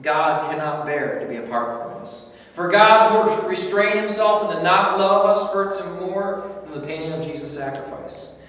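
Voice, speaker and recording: Earnest preacher in echoing hall. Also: male voice, sits high, animated, a little slow, a bit bright. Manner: earnest, building to emphatic peaks. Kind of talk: sermon. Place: church sanctuary. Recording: echoey church hall from far off.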